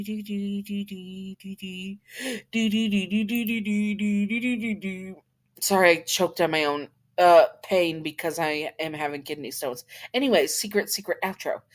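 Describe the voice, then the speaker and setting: Female storyteller, deep for a woman, casual rambling outro host with playful sign-offs.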